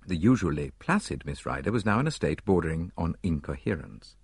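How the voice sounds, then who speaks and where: Low husky male audiobook narrator. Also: sing-song, fairly quick, hardly any pauses, no echo, clean studio sound.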